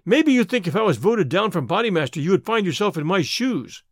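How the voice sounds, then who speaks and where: Man reading as domineering lodge boss, booming and bluff, very animated, dry sound. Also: brisk, dry recording. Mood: commanding.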